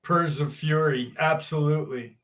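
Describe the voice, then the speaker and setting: A man's voice: a little high, moderate pace, a bit bright, rough recording. A man hosting a casual livestream from home, chatting loosely with viewers, rambling with fillers and the odd swear. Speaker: livestream host. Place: room at home.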